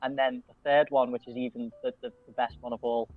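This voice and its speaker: A man's voice: mid-range voice, level tone, brisk, narrow, tinny audio. A man co-hosting a casual chat show, rambling and swearing a lot, laughing often. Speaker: podcast co-host.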